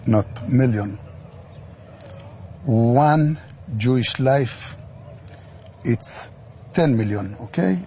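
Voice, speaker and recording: A man speaking slow, halting, broken English as a lawyer in a played interview clip. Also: mid-range voice, animated, warm tone, slight background noise.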